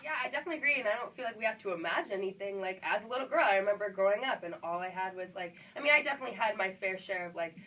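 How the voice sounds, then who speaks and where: A young woman co-hosting a college radio show with a stuffy, congested voice from a cold, chatting in a relaxed, wry way. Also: mid-range voice, rapid-fire, few pauses, recorded from a distance, low-quality recording. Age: young adult. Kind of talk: casual chat. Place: radio studio. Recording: voice a bit off-mic with faint noise.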